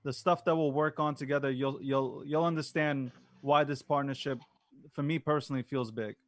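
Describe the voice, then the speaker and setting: A man's voice: mid-range voice, steady tone, moderate pace, no room sound. Male host, loose and slangy, repeats himself, dry recording. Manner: loose, repetitive, slangy, swears. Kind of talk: casual interview talk.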